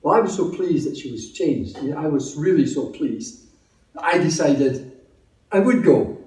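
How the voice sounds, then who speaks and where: A Scottish man shares his testimony with a meeting, chatty and quick to joke. His voice sits a little high but sounds mellow and relaxed. He is heard from some distance in an echoey room. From Scotland. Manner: chatty, humorous storytelling. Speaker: testimony speaker.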